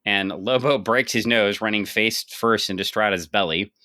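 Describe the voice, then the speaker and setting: A man co-hosts a casual comic-book podcast, walking through the story with wry, sarcastic comments. His voice sits on the low side but comes across bright and crisp, recorded dry and close with no room sound. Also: normal speed, no echo. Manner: recaps the plot with wry, sarcastic asides. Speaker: podcast co-host.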